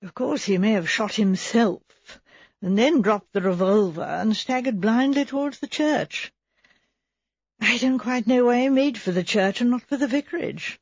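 Brief: woman reading a sober male doctor, clinical and explanatory, husky and dry. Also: fairly high pitch, lively intonation, normal speed, a little mellow, dry recording. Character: grave, matter-of-fact country doctor, male. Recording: slightly dull recording.

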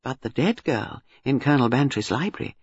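A man reading an audiobook, voicing a shrewd, gentle elderly spinster sleuth in a soft, measured way. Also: mid-range voice, lively intonation, slightly rough, no room sound, dull audio, voice pushed down. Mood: quietly explaining. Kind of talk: audiobook character voice.

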